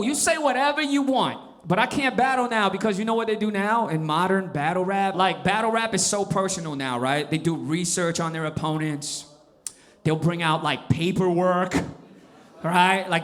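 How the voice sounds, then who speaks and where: A man in his forties performing a stand-up comedy set, animated and switching into impressions. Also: high-pitched, moderate pace. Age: 40s.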